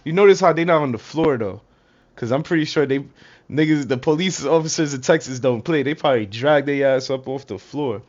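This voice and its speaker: A man's voice: medium pitch, brisk, a little mellow. A man giving casual, profane reaction commentary in a slangy way, laughing often. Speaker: reaction streamer. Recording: dull lo-fi audio.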